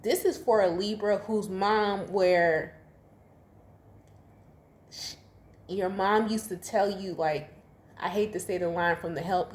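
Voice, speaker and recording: A woman's voice: medium pitch, steady tone, takes it slowly, pauses often. A woman in her thirties giving a casual tarot reading, chatty and slangy, laughing often. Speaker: tarot reader. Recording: echoey room, faint ambience.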